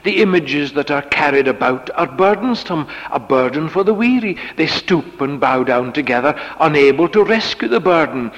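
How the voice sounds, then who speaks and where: Male preacher for a slow, weighty sermon; dull, muffled recording with a long echo. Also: on the high side, expressive. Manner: slow, deliberate, with dramatic sarcastic quoting. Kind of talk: sermon, Bible exposition.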